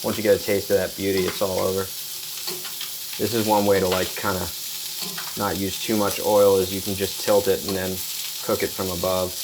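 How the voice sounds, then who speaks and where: A man's voice: deep voice, little pitch movement, normal speed, noisy background. A chatty, jokey man hosting a casual cooking demonstration in a home kitchen. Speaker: chef host. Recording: loud sizzling pan behind voice. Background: frying and sizzling.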